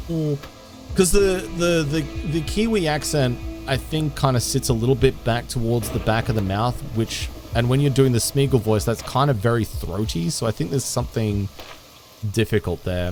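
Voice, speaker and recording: A young man livestreaming a game, chatting casually and self-deprecatingly with viewers, often restarting his sentences. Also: medium pitch. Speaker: game streamer.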